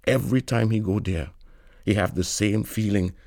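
A man's voice: fairly low pitch, moderate pace, darkish tone, no room sound, clean studio sound. A man reading an audiobook aloud in dialect, with a lilting storytelling manner. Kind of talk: audiobook narration.

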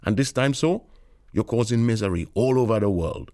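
A man's voice: mid-range voice, animated, normal speed, darkish tone, no room sound, clean studio sound, lightly acted. A man reading the lines of a weary young man in London, with a brooding, lamenting manner.

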